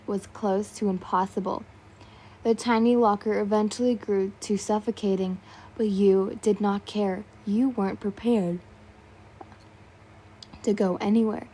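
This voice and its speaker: Sleepy woman reading a fan story. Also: mid-range voice. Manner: sleepy and soft, yawning. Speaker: fan fiction reader.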